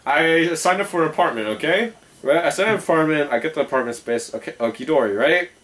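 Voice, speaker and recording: A man's voice: fairly high pitch, animated, fast, fairly bright tone. A young man in college telling a rambling, profane story while chatting casually over gameplay. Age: young adult. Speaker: gamer and podcast-style co-host.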